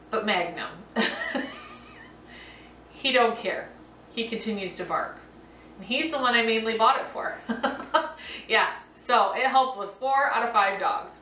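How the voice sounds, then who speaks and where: A middle-aged woman vlogging at home and answering viewer questions in a casual, chatty way, laughing often and filling pauses with ums. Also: mid-range voice, pushed and bright, far from the mic, slight background noise. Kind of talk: casual chat. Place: home room. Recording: roomy echo, voice a bit off-mic.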